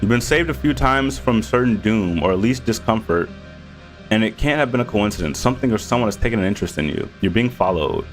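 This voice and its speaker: A man's voice: fairly low pitch, lively intonation, fairly quick, soft background music. A man streaming a game, reading its narration aloud with casual asides.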